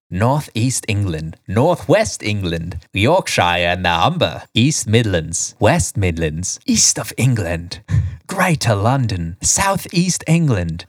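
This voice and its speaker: A man's voice: on the low side, dry recording, clean studio sound. A man co-hosting a podcast, reading quiz questions and answer lists in casual chat, laughing often. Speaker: podcast co-host.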